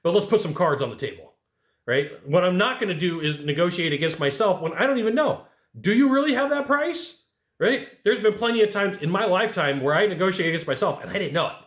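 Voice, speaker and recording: A man coaches salespeople in a loose, conversational lecture, slipping into quoted client voices and firing off rhetorical questions. His voice sits a little high for a man. The sound carries a roomy echo. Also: lively intonation, fast talker, fairly bright tone. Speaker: sales trainer. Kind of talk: casual sales training talk.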